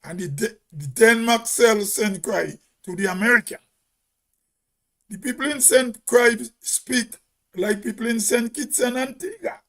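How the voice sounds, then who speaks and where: A man with a Grenadian accent giving an emphatic opinion monologue as host, with a big, loud voice and rhetorical questions. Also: very high-pitched, measured pace.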